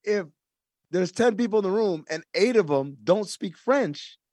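A man's voice: sits high, lively intonation, measured pace, darkish tone, no room sound, clean studio sound. A man in casual conversation, explaining his views earnestly and making his point through comparisons. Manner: earnest, explanatory, uses analogies.

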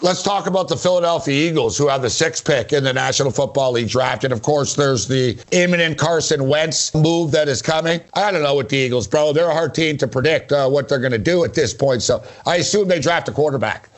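A man's voice: on the high side, fairly quick, hardly any pauses. Chatty sports show host, man. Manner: chatty, rambling, joking. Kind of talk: casual sports talk.

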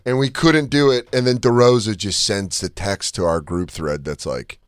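A man's voice: on the low side, moderate pace, clean tone, dry recording, clean studio sound. A man co-hosting a podcast, telling stories in a heated, profane way. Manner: profane, heated, animated storytelling. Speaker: podcast co-host. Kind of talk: casual podcast banter.

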